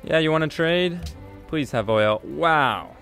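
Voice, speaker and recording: A man's voice: a little high, lively intonation, takes it slowly, a bit bright. A man hosting a let's play, talking through his game in a rambling, hesitant way with many ums and self-corrections. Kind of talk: casual gameplay commentary. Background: faint game music.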